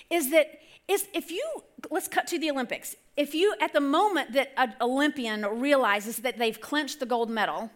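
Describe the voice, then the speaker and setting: A woman's voice: sits high, a bit bright. A middle-aged woman telling a rambling, self-correcting personal story in a church sermon. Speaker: church speaker. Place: church stage.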